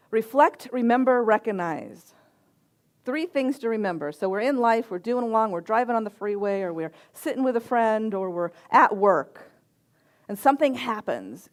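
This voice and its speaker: Woman minister telling a gentle sermon story. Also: mid-range voice. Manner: gentle storytelling with quoted voices and soft pauses.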